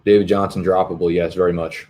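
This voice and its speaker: Young dude on a fantasy football stream, lowish voice, swears a lot, rambles and jokes with chat. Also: male voice, little pitch movement, quick pace, darkish tone. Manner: profane, rambling, jokey. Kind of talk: casual live-stream chat reading comments. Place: apartment in Brooklyn.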